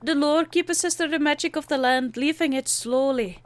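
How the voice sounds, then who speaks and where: A woman's voice: high-pitched, normal speed, slight background noise, lightly acted. A woman voicing a spirited young Scottish princess with an exaggerated put-on Scottish accent, reading game dialogue aloud. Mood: excited.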